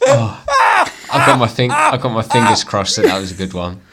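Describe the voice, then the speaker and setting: A man's voice: fast, noisy background. Playful man with a cold. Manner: playful, self-mocking, pitch leaps up when laughing. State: has a cold. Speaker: comedy show contributor. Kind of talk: comic banter.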